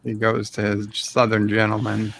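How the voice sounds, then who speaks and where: A man's voice: on the low side, monotone, normal speed, gravelly, over a noisy crowd. Guy hosting a group chat, chill, helps explain what others mean. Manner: helpful, clarifying others.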